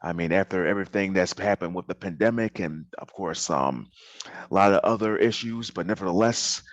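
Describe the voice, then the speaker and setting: A man hosting a podcast interview in casual chat, talking haltingly with many fillers and restarts. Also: low voice, dry recording, dull audio. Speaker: podcast host. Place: hotel during a convention.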